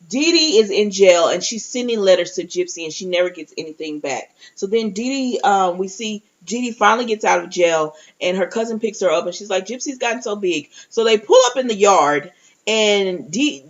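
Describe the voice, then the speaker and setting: A chatty woman recaps a TV episode for her viewers, and her pitch swings widely as she goes. She talks straight to the audience and keeps restarting her sentences. The audio is dull and lo-fi. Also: expressive, moderate pace. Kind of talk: casual recap and review.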